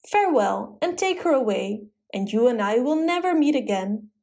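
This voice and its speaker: A woman's voice: fairly high pitch, expressive, moderate pace, vocal fry, darkish tone. A woman voicing a hot-tempered, lovesick duke, declaiming his lines in a storybook reading. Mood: angry.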